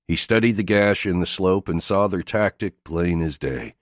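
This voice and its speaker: A man reads an action thriller audiobook in a steady, gritty delivery. His voice sits very deep, and the recording is close and dry with no room echo. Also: normal speed. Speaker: audiobook narrator. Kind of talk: scripted narration of an action thriller.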